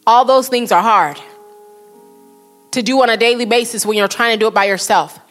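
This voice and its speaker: A woman preaching with earnest conviction, her voice sitting a bit high, and she slows down to read quotes. Faint instrumental music plays underneath her words. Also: a bit bright. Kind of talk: sermon.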